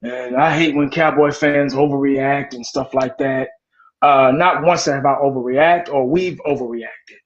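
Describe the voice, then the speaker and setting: A man's voice: mid-range voice, fairly even intonation, moderate pace. Impassioned, rambling man on a call. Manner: rambling, impassioned, profane, repeats himself. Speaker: sports podcast panelist. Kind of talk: casual sports talk. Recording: dull lo-fi call audio.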